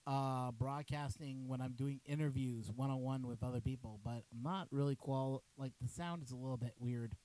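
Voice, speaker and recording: A middle-aged Canadian man hosting a maker livestream rambles casually while testing a cheap wireless microphone, chatty and jokey. His mid-range voice is warm, he speaks at normal speed with few pauses, and the recording is rough with no room sound.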